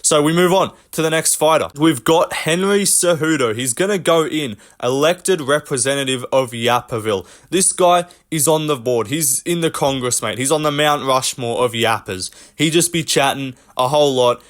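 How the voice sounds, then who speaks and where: A man's voice: fairly high pitch, normal speed, hardly any pauses. A young man hosting a casual commentary rant, blunt, mocking and full of swearing. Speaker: host.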